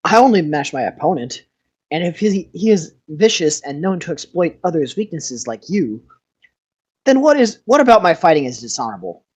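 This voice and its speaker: A cool, sarcastic young knight, as a woman narrator puts him on speaks in a low, husky voice full of mockery. His tone swings between sneers and stern rebukes. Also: very animated, normal speed, darkish tone, exaggerated voice. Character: calm, sarcastic young male knight, elder brother.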